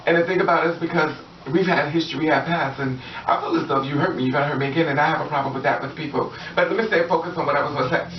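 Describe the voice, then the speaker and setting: A woman's voice: sits low, rapid-fire, hardly any pauses, slight background noise. Sassy woman vlogging in an echoey room. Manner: sassy, profane, laughs often, acts out quoted people. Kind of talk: casual monologue to camera. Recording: roomy, distant, dull lo-fi audio.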